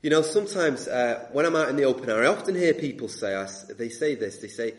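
A man's voice: mid-range voice, lively intonation, fast, few pauses. Impassioned preacher man in an echoey church. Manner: swings between loud emphatic preaching and hushed intensity. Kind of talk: sermon.

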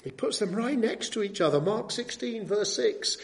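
A man's voice: sits high, lively intonation, normal speed. A man preaching a sermon, emphatic, who drives points home with rhetorical tag questions and repeated key words.

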